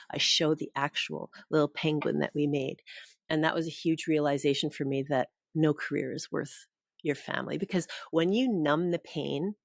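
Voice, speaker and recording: Low-voiced woman telling an earnest story. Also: no room sound, clean studio sound. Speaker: guest. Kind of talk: storytelling in a podcast interview.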